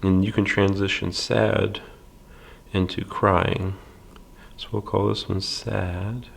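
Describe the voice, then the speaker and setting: Slow, gravelly-voiced man teaching drawing. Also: low-pitched. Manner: calm, patient, hesitant with fillers, drops to soft half-whispers while drawing. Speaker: library drawing instructor. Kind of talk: slow step-by-step drawing lesson.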